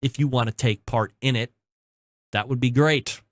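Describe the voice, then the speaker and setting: A man hosting his own podcast, telling a story in a chatty, joking way with quick asides, then reading a sponsor spot. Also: medium pitch, fairly bright tone, no room sound, studio quality. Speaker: podcast host. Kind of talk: casual chat and sponsor read.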